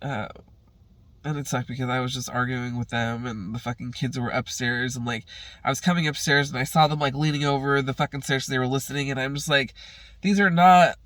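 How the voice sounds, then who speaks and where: A man's voice: medium pitch, level tone, brisk, sharp tone, no room sound. A young adult man venting in a heated, profane monologue, sighing often between his words. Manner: profane, heated ranting with sighs. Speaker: vlogger.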